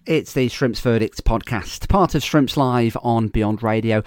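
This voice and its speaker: A man's voice: medium pitch, unhurried, a little hiss or hum. A man with an English accent hosting a football podcast, chatting and introducing a guest. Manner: chatty, friendly, plugging and introducing. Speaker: podcast host and commentator. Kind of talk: radio sports podcast presenting.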